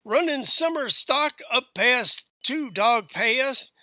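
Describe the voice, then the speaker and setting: A man's voice: very high-pitched, expressive, slow pace, bright, forceful tone, no echo, pitched above the performer's own voice, exaggerated voice. A man voicing a skeptical frontier saloon barman, sounding incredulous.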